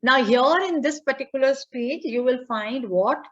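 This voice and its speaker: A woman's voice: high voice, a little slow, fairly bright tone. A woman, teaching a class online, repeating her points and checking in with students. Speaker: English teacher. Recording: dull lo-fi audio.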